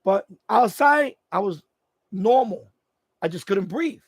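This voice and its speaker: A man's voice: sits high, expressive, slow pace, slightly rough, no echo. A man hosting a casual live stream from home, telling a story in a rambling way with many restarts. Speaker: radio hobby channel host. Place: at home, indoors.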